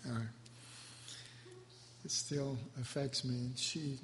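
A man giving devotional Bible teaching in a tender, halting, emotionally moved way. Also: medium pitch, steady tone, vocal fry, fairly bright tone. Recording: echoey hall with faint background noise.

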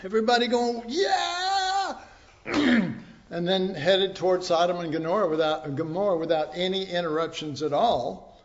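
A man's voice: high-pitched, normal speed, lo-fi sound. A man teaching a sermon in a conversational way, with asides and rhetorical questions to his congregation. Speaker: pastor.

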